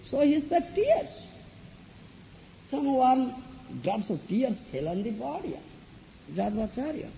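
A man's voice: very high-pitched, very animated, slow, vocal fry, pauses often. A man teaching as a spiritual teacher in a religious discourse, often asking his listeners if they understand. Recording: dull lo-fi echoey hall with faint noise.

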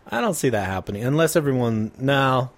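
A man's voice: mid-range voice, animated, moderate pace. A young man co-hosting a podcast in casual chat, making dry jokes and thinking aloud as he goes. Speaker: podcast co-host.

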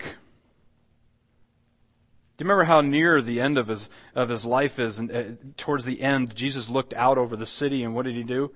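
A man's voice: mid-range voice, normal speed, long pauses, a bit bright. A man preaching a sermon as pastor, conversational and earnest, asking the congregation rhetorical questions. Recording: long hall reverb.

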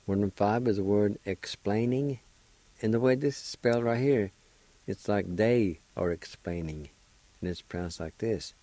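Radio host, male, slow deliberate teacher, mellow dry studio voice. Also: lowish voice, dry recording, low-quality recording. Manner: slow, deliberate, spells syllables one at a time. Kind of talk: slow spelling and pronunciation lesson.

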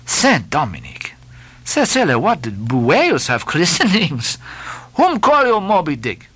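A man voicing an excitable, curious nobleman who exclaims in raised, partly whispered tones in a storybook reading. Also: high-pitched, a little slow, breathy edge, no room sound, pitched above the performer's own voice, heavily acted. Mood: astonished. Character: excitable male nobleman, curious and easily astonished.

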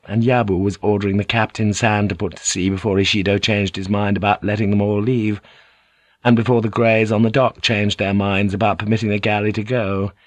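A man narrates an audiobook with measured, dramatic pacing, his voice low and steady. The recording is close and completely dry, with no room echo. The reading is even and scripted.

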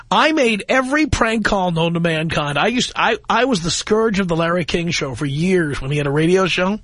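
A man's voice: high-pitched, animated, normal speed, hardly any pauses, a bit bright, dry recording. A man hosting a call-in radio show, talking in a wry, mocking, lecturing way into a close studio mic. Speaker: radio talk show host.

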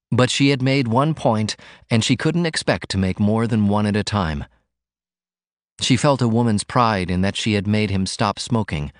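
A man narrating a novel aloud in an expressive, scripted reading. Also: on the low side, normal speed, no room sound, clean studio sound. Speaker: audiobook narrator.

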